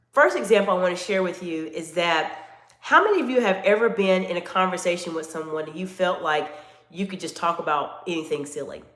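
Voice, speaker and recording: A woman gives a live-streamed coaching talk on communication. She sounds roomy and echoey, with a pitch in the middle of the usual range for a woman. She instructs viewers directly and reads out their chat comments. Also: a bit bright.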